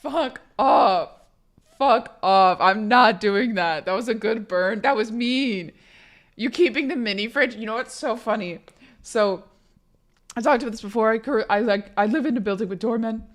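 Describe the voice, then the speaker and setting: A young woman streamer, hoarse from being sick, chatting casually and profanely while reading out her chat. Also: fairly high pitch, normal speed.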